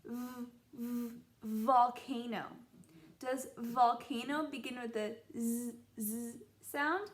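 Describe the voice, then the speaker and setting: A young woman teaching a children's phonics lesson, sounding out letters in a slow, encouraging sing-song way. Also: a little high, fairly even intonation. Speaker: kindergarten teacher.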